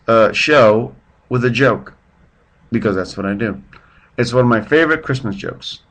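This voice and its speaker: A man's voice: on the low side, fairly bright tone. Man, podcast host, rambling off-the-cuff monologue, self-deprecating jokes. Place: at home, drinking beer while his partner sleeps.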